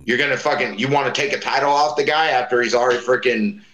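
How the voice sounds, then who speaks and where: A man's voice: medium pitch, fast, roomy sound, lo-fi sound, over a noisy crowd. A man casually telling profane wrestling stories, acting out the voices of people he quotes. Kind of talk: casual storytelling chat.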